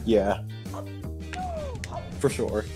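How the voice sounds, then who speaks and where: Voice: mid-range voice, fairly even intonation, very slow, mellow, faint music behind. A speedrunner racing alongside the streamer, chatting in a laid-back, teasing way. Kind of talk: casual live-stream chat while racing.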